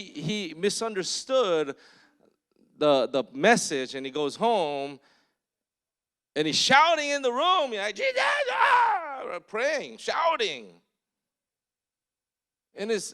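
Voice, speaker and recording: This male pastor's voice is fairly high and clean in tone. His sermon is chatty and story-driven, with direct, blunt urging and frequent check-ins with his listeners.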